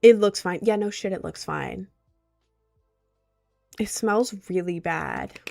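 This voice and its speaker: A young woman streamer whose natural voice sits on the low side, chatting casually and reacting aloud to her chat. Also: slow pace, gravelly, a little mellow, soft background music. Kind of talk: casual livestream chat reading comments.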